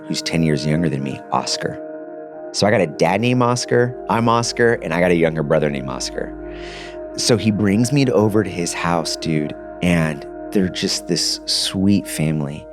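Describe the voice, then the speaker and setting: A man in his thirties, a podcast guest giving a casual, animated personal testimony, dropping slang as he talks. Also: deep voice, moderate pace, over music. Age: 30s.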